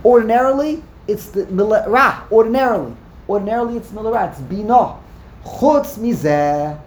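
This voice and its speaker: A man's voice: high voice, brisk, roomy sound. A man teaching a text-study class, explaining emphatically, often repeating words and restarting sentences. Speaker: Torah teacher.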